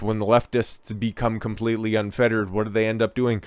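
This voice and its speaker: A man's voice: lowish voice, little pitch movement, fast, few pauses, smooth, dry recording. A man hosting his own online commentary show, ranting in a crude, sarcastic, profane way.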